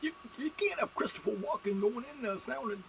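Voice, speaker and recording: A man talking in a put-on squeaky, high-pitched voice, rambling and stammering. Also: expressive, fairly quick, gravelly, fairly bright tone, slight background noise, exaggerated voice, low-quality recording. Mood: ranting.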